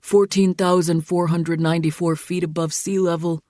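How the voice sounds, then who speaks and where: A woman narrator voicing a literal-minded young man who repeats himself and recites facts in a flat, patient way. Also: lowish voice, normal speed, dry recording, clean studio sound, lightly acted.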